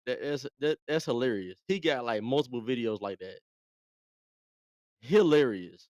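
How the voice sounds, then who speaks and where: A man's voice: mid-range voice, lively intonation, measured pace, a little mellow, no room sound, dull audio. A man hosting a live show, talking in a laid-back, chatty way and often repeating himself. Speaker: host. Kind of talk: casual live commentary.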